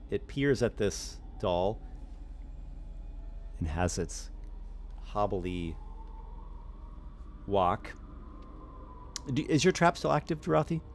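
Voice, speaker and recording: Male game master, low voice, halting narration, faint background noise. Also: expressive. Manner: halting, with frequent restarts and soft laughs.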